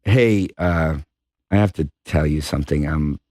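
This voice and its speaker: A man's voice: very deep voice, measured pace, darkish tone, no echo, studio quality. A man guesting on a radio talk show, telling self-deprecating stories about his past and laughing often. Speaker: guest actor. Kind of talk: casual radio interview.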